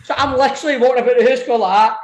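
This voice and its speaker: A Scottish man co-hosting a podcast tells a story in casual chat, swearing freely and laughing through his own tales. His voice is extremely high-pitched with a steady tone, and he talks at a racing speed.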